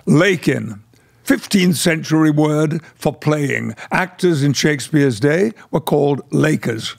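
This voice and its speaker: An older man from West Yorkshire telling stories as a podcast guest in polished received pronunciation. His voice is deeply gravelly and husky, and he slips into little voices for the people in his tales. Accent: English received pronunciation. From England, West Yorkshire. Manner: measured storyteller who acts out voices. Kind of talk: conversational storytelling interview.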